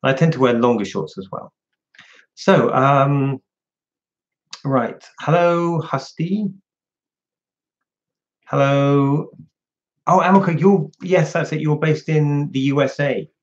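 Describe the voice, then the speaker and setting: A man's voice: medium pitch, measured pace, pauses often, dull audio. A man hosting a casual livestream, chatting and answering viewers' questions one by one. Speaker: livestream host.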